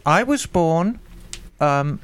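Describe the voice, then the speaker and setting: A woman from Birmingham with a softened Birmingham accent, reading a listener's email aloud in a casual, teasing, laughing way on a podcast. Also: deep voice, expressive, very slow, smooth. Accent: English, softened Birmingham. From England (Birmingham). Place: motorcycle garage.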